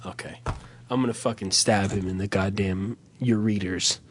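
A man co-hosting a podcast in casual, profane banter, rambling and animated as he tells stories. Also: lowish voice, normal speed, slight background noise. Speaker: podcast co-host.

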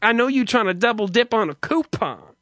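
A man's voice: extremely high pitch, lively intonation, brisk, bright, forceful tone, no echo, clean studio sound, voice pushed up, exaggerated voice. A man voicing a chatty male drive-thru clerk with a lilting way of drawing out his questions.

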